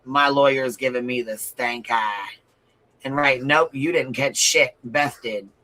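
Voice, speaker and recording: A man's voice: mid-range voice, a little slow, pushed and bright, rough recording. A man giving blunt, profane livestream commentary, reading out viewer comments and repeating his points for emphasis.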